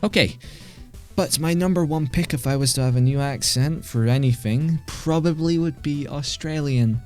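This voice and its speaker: A faint bit of music sits behind this British gaming-channel host, whose slightly high, darkish voice moves at a moderate pace through a desk mic. His casual rambling is sweary and self-deprecating.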